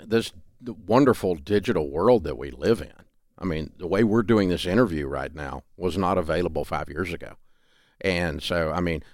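A man's voice: low voice, dry recording, clean studio sound. A man in his sixties with a Southern US accent from Tennessee, speaking as a radio host and author in a remote interview, folksy and emphatic with frequent restarts. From Southern United States.

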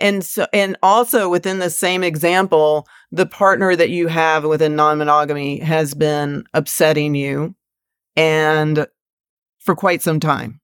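Smooth-voiced woman thinking aloud. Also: sits low, dry recording, studio quality. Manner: thinking aloud, steering the topic with examples. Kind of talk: relaxed conversational discussion.

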